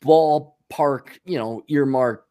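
A man's voice: mid-range voice, takes it slowly, mellow. A man hosting a podcast, chatting casually about movies with many fillers and restarts. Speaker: podcast host. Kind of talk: casual chat.

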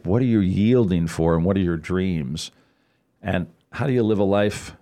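A middle-aged man, a guest on a radio talk show, telling stories in a casual, animated way and acting out the people he quotes. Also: sits low. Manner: animated storyteller, acts out quoted voices. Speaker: guest, financial advisor.

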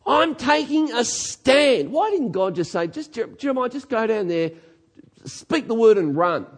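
This is a pastor delivering a sermon in a high-pitched voice. He is emphatic and swings between quiet, low remarks and shouted declarations. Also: sing-song, normal speed, husky.

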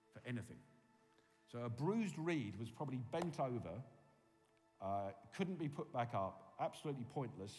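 A man preaching a sermon, swinging from loud emphasis to hushed, quiet tones. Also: medium pitch. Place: church hall with long reverb. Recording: reverberant hall.

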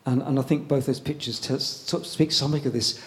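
A man preaching a sermon in a conversational way, pausing often and repeating words as he goes. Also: mid-range voice, fairly even intonation, fairly bright tone.

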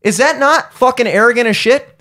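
A man with a notably high voice for a man rants through a story on a podcast. He is heated and profane, mocking the people in his story as he goes. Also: fairly quick, pushed and bright. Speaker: podcast host.

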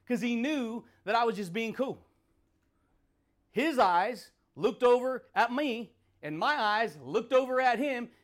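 A man hosting a podcast, delivering a rambling motivational monologue, laughing between points and swearing freely. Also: extremely high pitch. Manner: repeats catchphrases and calls listeners dude and baby. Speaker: podcast host.

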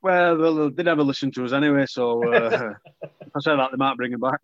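A young man, chatting in an interview about playing rugby league, with a relaxed, self-deprecating manner and lots of restarts. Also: medium pitch, a little fast, no echo, highs cut off. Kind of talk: casual interview chat.

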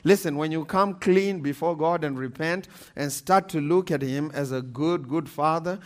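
A pastor preaching a sermon, animated and emphatic, repeating scripture references and laughing between points. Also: male voice, on the high side, moderate pace, hardly any pauses.

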